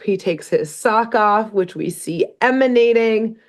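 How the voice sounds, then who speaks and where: A woman's voice: medium pitch, expressive, a little slow. A woman co-hosting a podcast, casually recapping a cartoon episode as a rambling, joking storyteller. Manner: chatty, rambling storyteller with laughs and asides. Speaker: podcast co-host.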